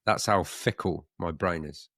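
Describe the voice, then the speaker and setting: A man's voice: sits low, a little slow, a bit bright, no room sound, studio quality. A man co-hosting a casual podcast, blunt and wry, swearing freely in banter. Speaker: podcast co-host.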